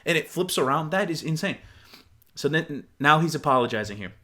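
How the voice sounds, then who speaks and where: A man's voice: fairly high pitch, animated, fairly quick, sharp tone. A young man giving casual reaction commentary, blunt, profane and openly incredulous. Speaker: online commentator.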